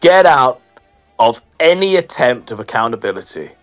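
A man's voice: medium pitch, sing-song, normal speed, faint music behind. Man scolding in mock-grandiose tones. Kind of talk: casual group chat. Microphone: voice call.

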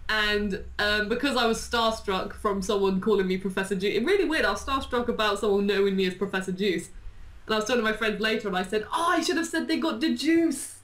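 A woman talks in a bubbly, rambling way, hopping from thought to thought with plenty of fillers. Her voice sits at an average pitch and is recorded in a room with a noticeable echo. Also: fast talker, a bit bright. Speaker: YouTuber being interviewed. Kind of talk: casual chat. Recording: echoey room.

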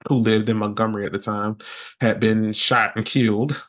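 A man as a podcast guest telling a personal story in casual interview talk, rambling with fillers and jumping high in pitch when he quotes others. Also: moderate pace. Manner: animated, jumps high when quoting others.

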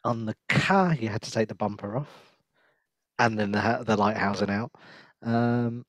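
A man's voice: on the low side, a little slow, no room sound, poor audio. A man co-hosting a car podcast, chatting casually in a laid-back way with short replies. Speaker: podcast co-host. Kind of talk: casual chat.

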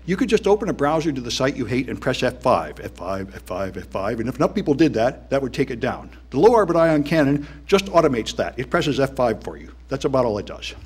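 A man giving a conference talk in a wry, dismissive, conversational way, with plenty of "um"s and "anyway"s. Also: a little high. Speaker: conference speaker. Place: conference hall.

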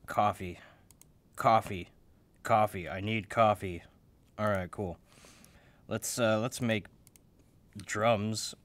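A young man making a beat in his office, joking at himself, loud one moment and mumbling the next, still waking up. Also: lowish voice, fairly even intonation, takes it slowly, pauses often, dry recording. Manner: joking, self-mocking, swings between loud and mumbled. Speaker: music producer. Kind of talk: casual talk while making a beat. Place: home office.

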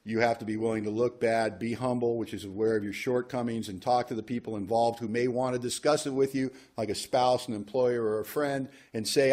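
A man's voice: medium pitch, steady tone, a little fast, a little mellow. Joking, plainspoken man leading a workshop. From United States. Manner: conversational, joking asides, reads passages aloud. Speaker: workshop speaker. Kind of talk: recovery workshop talk reading aloud.

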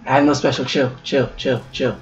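A man's voice: mid-range voice, fairly even intonation, moderate pace, highs cut off, soft background music. A man giving casual commentary while playing a game, trash-talking, swearing and laughing at himself. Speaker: gamer streaming a match.

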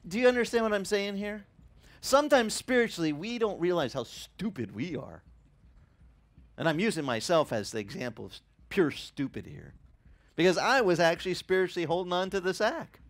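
A middle-aged male pastor giving a sermon, telling stories in an animated way and acting out the dialogue. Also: high-pitched, fairly quick. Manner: animated storytelling that acts out dialogue.

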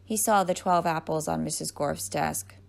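Creaky-voiced woman reading a children's story. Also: low-pitched, moderate pace, a little mellow. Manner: clear, storytelling read-aloud. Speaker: librarian.

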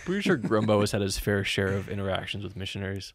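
A young man co-hosting a podcast, chatting casually and riffing with quick jokes and asides. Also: on the low side, big pitch swings. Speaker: podcast co-host. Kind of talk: casual chat.

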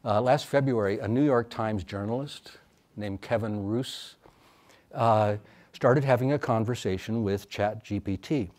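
A man giving an academic lecture as a professor, talking thoughtfully and haltingly with many fillers and restarts. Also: on the low side, darkish tone.

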